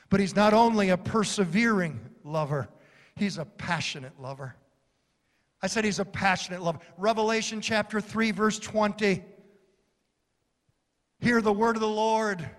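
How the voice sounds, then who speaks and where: Male preacher, very high voice, slow deliberate passionate sermon delivery, in a reverberant hall. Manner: impassioned, rising to shouts and dropping low.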